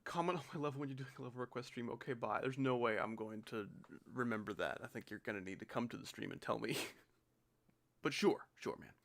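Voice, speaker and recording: A man's voice: medium pitch, quick pace, creaky, a bit bright. A young man hosting a live stream, chatting casually and joking with chat and a friend while playing. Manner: joking, giggly, reads out chat.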